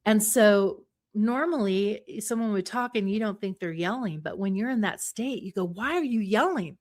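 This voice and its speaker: A middle-aged woman psychologist, a guest on an interview show, explaining ideas in a lively way and acting out small examples. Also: medium pitch, normal speed. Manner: animated, acts out little voices and examples.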